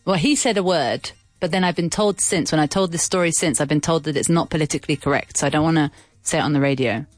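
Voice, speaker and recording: A woman's voice: sits low, fast, no room sound, faint music behind. A woman radio host chatting casually, telling a long rambling story full of fillers and asides. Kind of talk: casual chat. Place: radio studio.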